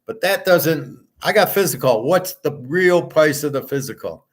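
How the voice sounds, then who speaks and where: A man's voice: fairly high pitch, lively intonation, measured pace. A man hosting his own show, ranting in a fed-up, profane monologue and reading out his own comments. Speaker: sports betting and gold commentary host.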